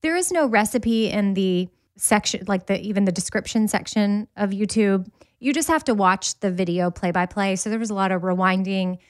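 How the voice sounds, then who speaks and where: A middle-aged woman hosting a podcast, chatting in an animated, storytelling way and laughing easily. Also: medium pitch, moderate pace, no room sound, studio quality. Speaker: podcast host. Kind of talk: casual chat.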